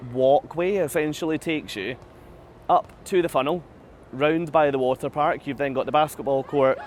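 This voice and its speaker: A man's voice: medium pitch, a little hiss or hum. Chatty man vlogging on a ship deck. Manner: chatty, self-deprecating, laughs often, many restarts. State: slightly out of breath. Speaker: cruise vlogger. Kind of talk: live-streamed walking vlog, answering viewer comments. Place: outdoor upper deck of a cruise ship. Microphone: phone camera held at arm's length.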